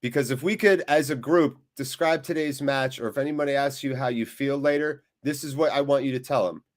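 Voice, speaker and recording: A man's voice: medium pitch, a little fast. A man hosting a live fan watchalong, reading viewers' chat aloud with jokey swearing and a weary, deflated tone.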